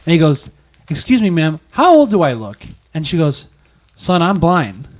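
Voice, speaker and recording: A man with a slightly high voice tells a joke in an animated, storytelling way. He jumps his pitch up when he acts out the characters' lines. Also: moderate pace. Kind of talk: casual chat, telling a dirty joke.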